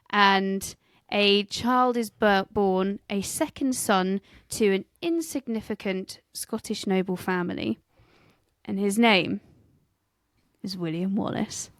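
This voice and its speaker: A woman's voice: medium pitch, clean tone, no room sound, studio quality. A woman co-hosting a history podcast in a casual, jokey way, swearing freely as she tells the story. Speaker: podcast co-host and researcher.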